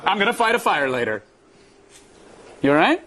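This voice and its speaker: Lively, high-voiced joking male host. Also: moderate pace, a crowd in the background. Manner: goofy, self-mocking, laughs often. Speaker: TV show co-host. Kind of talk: joking studio banter.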